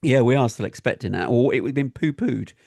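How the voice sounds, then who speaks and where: A man's voice: mid-range voice, lively intonation, quick pace, vocal fry, darkish tone, no echo, clean studio sound. A man co-hosting a casual talk show, explaining things earnestly. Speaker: co-host. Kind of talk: casual chat.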